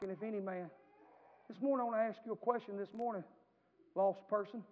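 A man preaches with a high, ringing voice, swinging between homespun storytelling and passionate, shouted appeals. His words trail off into a long, echoing reverb. The recording sounds dull and muffled. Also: fairly even intonation, normal speed, long pauses. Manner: folksy storytelling that builds to impassioned shouting. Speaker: pastor. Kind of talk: sermon. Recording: echoey hall, dull lo-fi sound.

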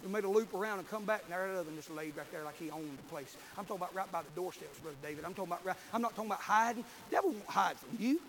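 A preacher man with a strikingly high voice for a man, delivering a sermon in church. He tells homespun stories in a fervent, folksy way that breaks into shouting. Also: rapid-fire, hardly any pauses.

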